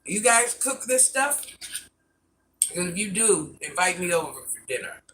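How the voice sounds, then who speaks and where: A woman's voice: lowish voice, very animated, a little slow, fairly bright tone. An older woman casually chatting with her viewers while she eats and savors her food on a live stream. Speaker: mukbang streamer. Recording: distant mic with faint background noise.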